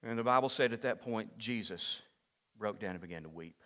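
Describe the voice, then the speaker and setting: A man preaching a sermon as pastor in a church, moving from hushed asides to loud, impassioned peaks. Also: lowish voice, brisk, big-room sound. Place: church sanctuary.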